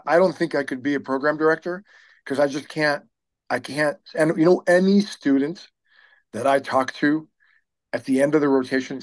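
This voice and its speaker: Emphatic, joking male podcast host. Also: on the high side. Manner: emphatic, joking, laughs easily. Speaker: host, physician. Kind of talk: casual interview chat.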